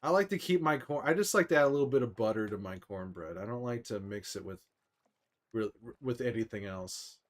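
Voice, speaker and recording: Reading out viewers' messages on his live stream, a young man responds in a loose, easygoing ramble. He speaks a little fast in a medium-pitched voice.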